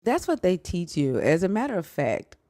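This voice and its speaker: A woman's voice: fairly low pitch, wildly swooping pitch, normal speed, mellow, no echo, clean studio sound. A woman speaking as a live stream guest, telling a personal story in a blunt, emotional, rambling way and swearing freely. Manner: rambling with restarts and quoted outbursts.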